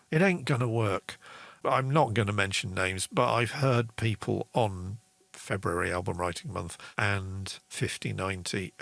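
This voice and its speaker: A man's voice: on the low side, creaky, a bit bright, dry recording. A man hosting a casual songwriting lesson, chatty, reading out viewer comments. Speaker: songwriting show host.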